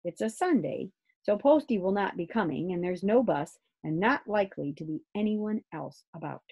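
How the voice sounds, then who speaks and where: Woman reading a calm old grandpa, low, gravelly, soft-spoken. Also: moderate pace, highs cut off.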